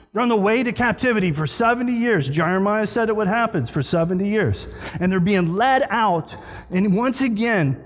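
A male pastor preaching a sermon, asking the congregation questions and answering them himself. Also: high voice. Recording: long hall reverb.

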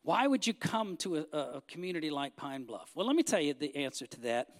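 In a large hall, a man in his 50s from Arkansas gives a humorous, folksy sermon-style talk to a church crowd. His fairly high voice is brisk and very animated, rising to emphatic bursts as he jokes.

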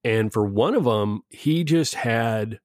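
A man's voice: lowish voice, expressive, slow, darkish tone, dry recording, studio quality. A middle-aged man and father talking casually, rambling with frequent restarts and laughs. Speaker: parent discussing schooling. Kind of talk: casual conversation.

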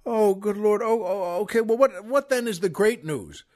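A man's voice: sits high, normal speed, warm tone, voice pushed up, close to an everyday voice. Man doing a flustered, panicked husband. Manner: flustered and stammering. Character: panicked husband waiting for his missing wife.

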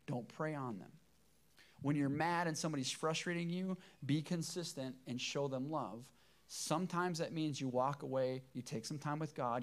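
Middle-aged male pastor, emotional and emphatic sermon delivery, somewhat high-pitched voice. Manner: emotional, emphatic preaching with repeated phrases.

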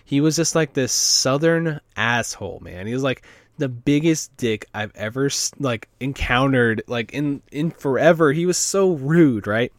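A man's voice: medium pitch, measured pace, no room sound. A man casually telling a story, rambling with lots of fillers and swearing. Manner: rambling, filler-heavy, profane.

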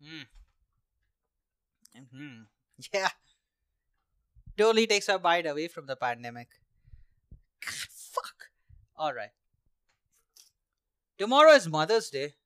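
A man's voice: fairly high pitch, big pitch swings, slow, pauses often, fairly bright tone, clean tone, no room sound, clean studio sound. A young man from India hosting a solo podcast at home, rambling sarcastically with swearing and laughs while drinking. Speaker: podcast host. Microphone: handheld mic.

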